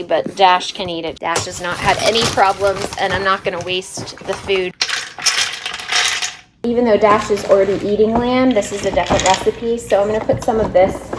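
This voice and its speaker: A woman's voice: mid-range voice, background noise. A woman chatting casually in a home vlog about her service dog and his food, sometimes stopping to talk to her dogs. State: close to tears with joy. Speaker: vlogger and service dog handler.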